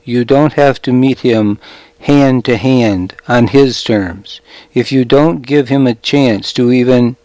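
A man's voice: medium pitch, slow pace, warm tone, no room sound, close to an everyday voice. A man voicing a boastful young shepherd in an audiobook, whiny and bragging.

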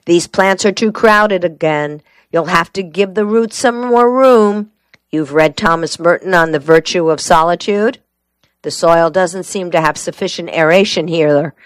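A woman's voice: fairly low pitch, no room sound, close to an everyday voice. A woman voicing a slightly drunk older male gardener who lectures pedantically and slurs a little. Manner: pedantic, slurring slightly, slow. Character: tipsy older male amateur gardener, rambling.

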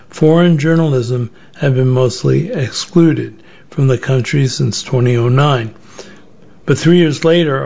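A man, a journalist, reading his own first-person essay in a measured, reflective way with occasional restarts. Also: mid-range voice, vocal fry, darkish tone. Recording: slightly dull lo-fi recording.

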